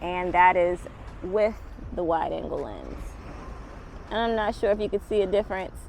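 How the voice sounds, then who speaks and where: A woman's voice: fairly low pitch, animated, normal speed, vocal fry, darkish tone. A woman vlogging casually about a pocket camera, chatty, with reassuring asides to her viewers, partly walking outdoors on a windy beach. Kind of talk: casual product vlog. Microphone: handheld pocket camera mic.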